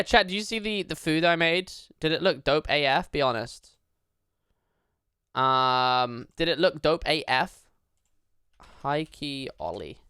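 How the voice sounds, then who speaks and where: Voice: medium pitch, a bit bright, clean tone, dry recording, clean studio sound. A livestreamer chatting casually at a home desk, rambling with lots of fillers and casual swearing. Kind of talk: casual live-stream chat.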